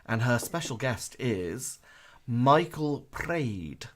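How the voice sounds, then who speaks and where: A man's voice: mid-range voice, animated, takes it slowly, fairly bright tone. A man co-hosting a live show in casual chat, dropping dry, wry asides.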